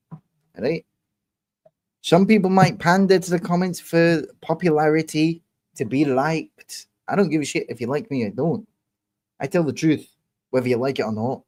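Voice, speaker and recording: A man from England hosting his own online show, talking casually to viewers in a combative, lecturing way, slow and deliberate, swearing often and repeating his points. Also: on the high side, darkish tone. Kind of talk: casual monologue answering viewer comments.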